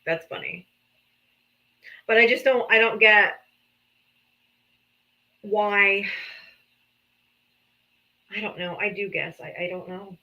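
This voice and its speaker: A woman, a mother, hosting a live political talk stream in casual, animated chat, swearing freely. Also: mid-range voice, takes it slowly, long pauses, muffled recording. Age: adult mother. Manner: animated, swears freely, slips into comic voices.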